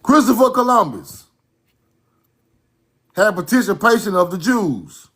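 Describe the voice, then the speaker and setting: Slow, emphatic man lecturing over slides. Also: high voice, very animated, fairly bright tone, husky. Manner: emphatic, repeats points, directs slides.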